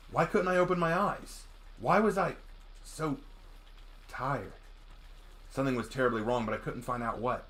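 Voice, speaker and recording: A man's voice: medium pitch, lively intonation, normal speed, a bit bright. A man hosting a let's play, reading his story's first-person narration and breaking in with enthusiastic asides. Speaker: game host and writer.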